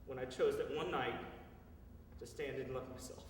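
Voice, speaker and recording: A man's voice: medium pitch, moderate pace, a little hiss or hum. A man in his thirties telling a personal story in an earnest, confessional way at a live storytelling show. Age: 30s. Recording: echoey live hall from far off.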